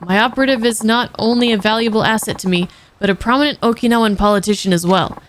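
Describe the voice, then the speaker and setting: A woman streamer reading a formal, measured older male politician's game lines aloud. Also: fairly high pitch, slight background noise, lightly acted.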